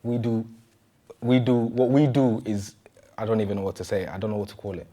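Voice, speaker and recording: A man, a pastor, giving a conversational sermon full of rhetorical questions and quick restarts. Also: on the low side, flat delivery, warm tone.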